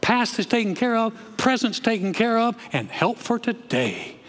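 A man, a pastor preaching a sermon in a church, folksy and animated, often repeating his words as he goes. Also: extremely high pitch, normal speed, long reverb tail. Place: church sanctuary.

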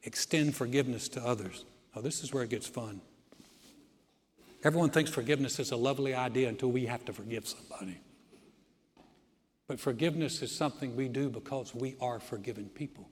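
A man's voice: mid-range voice, breathy edge, in a large hall. A man preaching a sermon as pastor, folksy and direct as he tells a story.

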